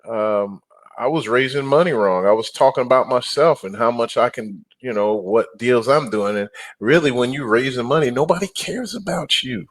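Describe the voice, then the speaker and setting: A middle-aged man talking casually as a guest, an animated storyteller who acts out quotes and growls for emphasis. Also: mid-range voice, normal speed. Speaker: guest, apartment investor. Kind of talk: casual interview talk.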